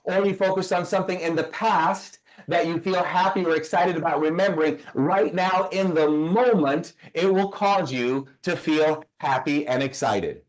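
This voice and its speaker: A personal growth speaker, a man whose voice sits high for his sex. He teaches in an emphatic, questioning way and keeps asking his listeners to type their answers in. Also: moderate pace, hardly any pauses. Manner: emphatic, fires rhetorical questions at the audience. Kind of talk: motivational teaching session.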